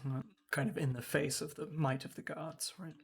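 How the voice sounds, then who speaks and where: A man's voice: fairly high pitch, steady tone, moderate pace, creaky, slightly rough. A man running a tabletop game as game master, describing scenes with frequent ums and hedging words. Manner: hesitant, many ums.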